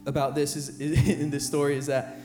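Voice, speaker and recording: A young man preaches an earnest sermon in a somewhat high voice, repeating his phrases as he builds. He is heard in a roomy church hall while a band plays clearly under him. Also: level tone, moderate pace, a little mellow, soft background music. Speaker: high school pastor. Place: church sanctuary with band playing behind.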